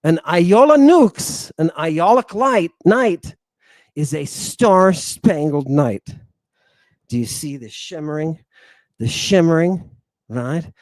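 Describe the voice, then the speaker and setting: A man lectures on ancient Greek vocabulary in a slow, deliberate way, and his voice sits a little high. He is excited and wanders off topic, stumbling over words and fixing them as he goes. The sound is dry and close to the mic. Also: dry recording. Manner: enthusiastic, digressive, addresses listeners as "people"; spells out Greek words slowly, stumbling and self-correcting. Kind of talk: livestream lecture, talking to viewers.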